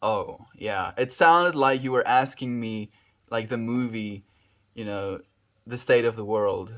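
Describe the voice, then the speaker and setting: A man's voice: medium pitch, unhurried. Earnest male livestreamer greeting chat. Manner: greets viewers by name and reads chat aloud; earnest, affectionate, with soft sighs.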